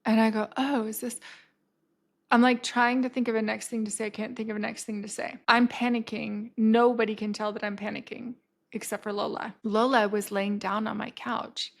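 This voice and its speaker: A young adult woman hosting her podcast, telling a personal story in a casual, animated way, swearing freely and acting out the lines of the people in it. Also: fairly high pitch, fairly quick, vocal fry. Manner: animated, swears freely, acts out quoted dialogue. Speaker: podcast host.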